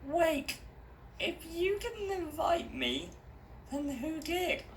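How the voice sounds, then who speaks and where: A man voicing a young princess in a high falsetto, timid and curious. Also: big pitch swings, extremely slow, a little hiss or hum, full character voice, low-quality recording.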